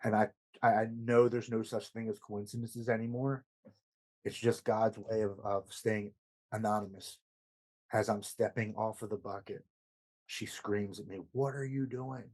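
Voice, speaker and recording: A man's voice: lowish voice, level tone, measured pace, a little mellow, low-quality recording. A man, a podcast guest, recounting his recovery story in an earnest, emotional way, stammering over words at times.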